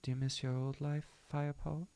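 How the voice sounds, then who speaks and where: A man's voice: little pitch movement, fairly quick, a little mellow, a little hiss or hum, close to an everyday voice. A man voicing a wise, stern female cat clan leader with a put-on British accent. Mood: probing. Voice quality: put-on high British lilt.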